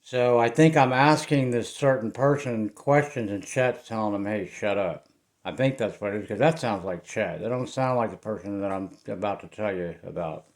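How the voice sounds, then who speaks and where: A middle-aged man with a Southern US accent, telling a ghost story in a casual, rambling way to his viewers, often trailing off into quiet mumbles. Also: on the low side, moderate pace, few pauses. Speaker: paranormal investigator vlogger.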